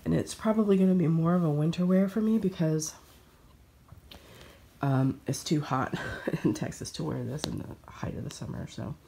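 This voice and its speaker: A woman with a low voice chats to camera as a sewing vlogger. She is hoarse from a cold, and her friendly, rambling delivery is full of fillers and restarts. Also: moderate pace, warm tone, a little hiss or hum. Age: adult with children. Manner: chatty, with frequent fillers and restarts. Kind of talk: casual chat to camera.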